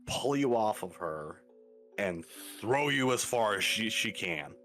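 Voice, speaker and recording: A man playing a tabletop game, narrating what his character does in a quiet, measured way. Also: lowish voice, lively intonation, faint music behind. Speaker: player.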